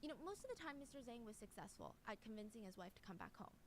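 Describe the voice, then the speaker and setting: A woman casually telling a dramatic story in an animated, chatty way. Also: a little high, fast talker, background noise. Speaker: storyteller host.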